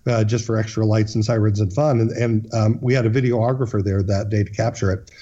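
A man's voice: on the low side, flat delivery, a little fast, mellow, lo-fi sound. A man, a guest in an interview, telling a long story earnestly, with frequent restarts and fillers.

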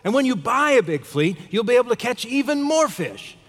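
A man's voice: extremely high pitch, very animated, brisk, voice pushed up, heavily acted. A man voicing a brash, pushy American tourist who lectures eagerly about getting rich. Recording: long hall reverb.

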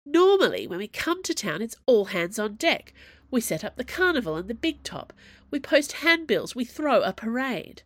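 A moody teenage circus girl who whines and sulks about everything, as a woman narrator puts her on. The voice sits higher than the reader's own and is recorded dry and close, as in a storybook read-aloud. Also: big pitch swings, unhurried, fairly bright tone, no echo. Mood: whiny. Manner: whiny, sulky complaining.

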